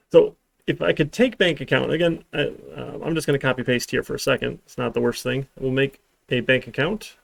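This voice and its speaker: A man's voice: mid-range voice, steady tone, a little fast, vocal fry, no echo. A man teaching a programming class in a live-streamed lecture, talking in a rambling way with dry, sarcastic asides. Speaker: programming instructor.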